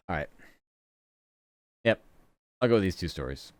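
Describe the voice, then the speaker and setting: A man's voice: sits low, lively intonation, moderate pace, pauses often, no room sound. A man streaming as a virtual character, chatting casually and muttering to himself while he works. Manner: muttering to himself while working, scattered fillers. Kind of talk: casual work stream chat.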